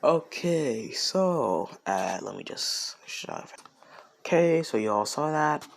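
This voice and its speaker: Slow, hesitant man narrating a fan story. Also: medium pitch, sing-song, vocal fry, a little hiss or hum. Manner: slow, hesitant, lots of fillers.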